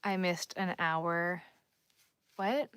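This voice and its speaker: A woman's voice: on the low side, fairly even intonation, extremely slow, fairly bright tone, smooth, no echo. A woman with a Long Island accent hosting a crochet live stream, chatting casually and thinking aloud as she works and reads the chat.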